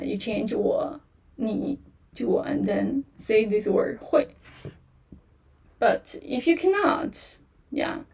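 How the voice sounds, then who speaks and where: A woman teaching beginner in a livestream, speaking slowly and patiently, repeating phrases and saying "yeah" often. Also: mid-range voice, gravelly, warm tone, far from the mic. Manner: slow and patient, repeats phrases many times, fillers like "yeah". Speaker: Chinese language teacher. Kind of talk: livestream language lesson.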